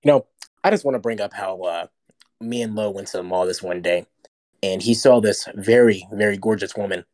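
A man's voice: lowish voice, brisk, darkish tone, no room sound. Young male podcast host, dry close sound, teasing. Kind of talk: casual chat.

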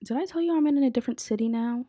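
A woman's voice: on the high side, racing, dark tone, slightly rough. A young woman hosting a podcast, chatting casually with lots of fillers, a bit sick. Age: young adult. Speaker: podcast host. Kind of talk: casual chat. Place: college apartment bedroom.

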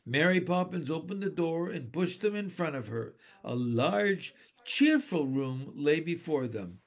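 A man narrating a children's storybook in a measured, gentle way. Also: a little high, animated, creaky. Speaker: audiobook narrator. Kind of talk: storybook reading.

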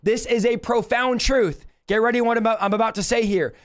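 A man's voice: very high-pitched, steady tone, brisk. A man preaching a livestream Bible teaching, emphatic and direct, calling out to his viewers.

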